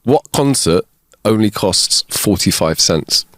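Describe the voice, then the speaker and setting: A man's voice: on the low side, expressive, slow, fairly bright tone, dry recording, studio quality. A man co-hosting a comedy podcast, telling jokes in a casual, laughing way. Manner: jokey, laughs often, restarts sentences. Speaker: podcast co-host. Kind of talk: casual chat.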